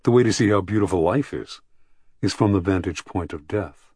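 A man reading an audiobook, voicing a thin, gentle philosopher in an earnest, reflective way. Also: low voice, moderate pace, husky, dry recording, studio quality.

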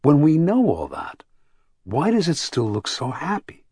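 Man voicing a defiant young woman, husky, lively delivery, dry sound. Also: fairly high pitch, measured pace, no echo, voice pushed up, heavily acted. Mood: wistful.

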